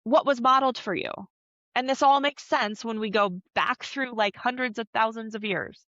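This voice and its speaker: A woman somatic coach, a podcast guest, explaining calmly and earnestly in an interview. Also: on the high side, normal speed, no echo, lo-fi sound. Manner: earnest, coaching, acts out little quoted voices.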